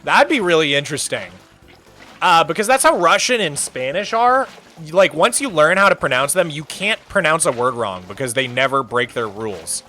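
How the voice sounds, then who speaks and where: A high-voiced young man talks casually on a live stream, his pitch bouncing all over as he rants with mock outrage. His tone is bright and forceful, and faint music plays under his voice. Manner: animated, ranting, quick to exaggerate.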